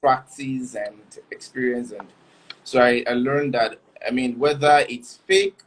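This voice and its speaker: A man, a guest husband in a casual interview, speaking haltingly with restarts as he reflects on his marriage. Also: medium pitch, sing-song, slight background noise, rough recording. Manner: halting, many restarts and laughs.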